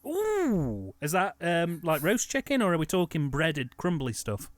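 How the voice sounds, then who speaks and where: A man's voice: a little high, wildly swooping pitch, measured pace, dry recording. A man co-hosting a casual film commentary, laughing often and talking with animation. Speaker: commentary co-host.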